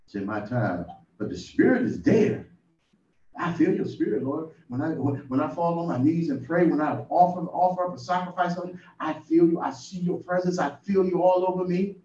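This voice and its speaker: A man's voice: on the high side, moderate pace, warm tone. A man preaching an informal sermon in a folksy storytelling way, building up to exclamations. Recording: distant, echoey, muffled room recording.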